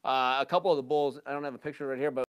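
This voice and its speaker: A man presenting a live talk to an audience on a handheld mic, casual and energetic, with lots of fillers. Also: mid-range voice, racing, clean tone. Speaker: hunting seminar presenter.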